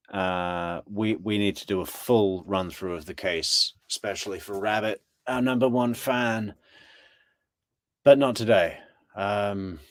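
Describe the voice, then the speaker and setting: A man's voice: lowish voice, dry recording. A man giving casual true crime commentary with joking, sarcastic asides.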